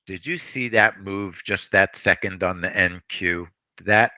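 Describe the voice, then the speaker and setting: A man hosting a live trading stream, talking traders through a trade in a rambling way, repeating himself and often clearing his throat. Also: sits low, slow pace, hardly any pauses, bright, forceful tone, dry recording.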